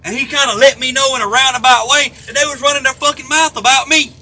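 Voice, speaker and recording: A man's voice: very high voice, fairly even intonation, fast talker, sharp tone. A middle-aged man, ranting angrily and profanely to the camera. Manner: heated, profane, repetitive. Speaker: vlogger. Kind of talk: angry rant to camera. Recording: faint background noise.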